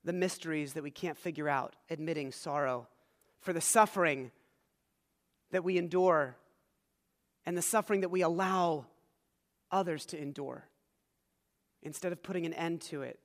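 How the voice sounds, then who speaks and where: A male pastor preaching a sermon, animated, moving between loud emphasis and soft low asides. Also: moderate pace, long pauses, in a large hall.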